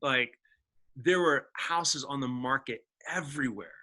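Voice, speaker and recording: Bright-voiced man telling his story. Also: mid-range voice, measured pace. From Indiana, USA. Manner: animated storyteller who acts out other people's lines, many fillers like "like". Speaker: podcast guest, actor. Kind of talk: personal storytelling in a conversation.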